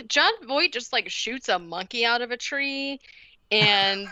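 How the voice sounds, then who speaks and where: A woman's voice: on the high side, slow, bright, forceful tone, dry recording, dull audio. A woman co-hosting a podcast, casually recapping a movie in a rambling way, full of fillers and giggles. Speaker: podcast co-host.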